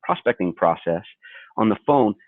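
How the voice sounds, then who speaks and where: A man from Kentucky coaches brokers on sales in a direct, emphatic way. His voice is on the low side, dry, and thin like a phone line. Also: animated, moderate pace, no room sound. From Kentucky, USA. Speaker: sales trainer, webinar presenter. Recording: tinny phone-like webinar audio, dry.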